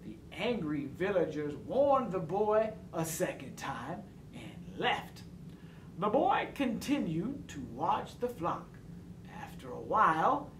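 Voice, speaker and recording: A man reading a short children's story aloud in an expressive, sing-song way. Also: high-pitched, slow pace. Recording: roomy distant mic, faint background noise.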